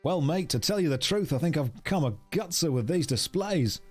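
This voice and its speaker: Casting note: a breezy, slangy museum worker with a put-on Australian accent, lively delivery, voiced by a man, faint music behind. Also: fairly high pitch, normal speed. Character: chatty male museum worker, Australian-tinged.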